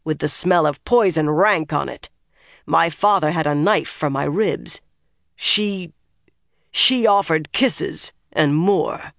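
A man's voice: a little high, takes it slowly, vocal fry, fairly bright tone, no room sound, clean studio sound, full character voice. A narrator voicing a tired, angry young man who sneers and makes demands. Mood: tense.

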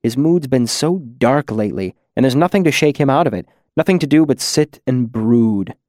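A man voicing an emotional, devoted young male apprentice who is not human, speaking in a choked, pleading, soft way. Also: mid-range voice, expressive, normal speed, dry recording, clean studio sound, natural voice. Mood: earnest.

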